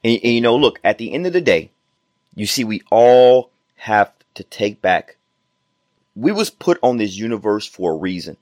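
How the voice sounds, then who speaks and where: A man's voice: on the low side, big pitch swings, normal speed, darkish tone, dry recording, clean studio sound. A man hosting his own podcast as a personal trainer, giving an emphatic, repetitive motivational talk full of rhetorical questions.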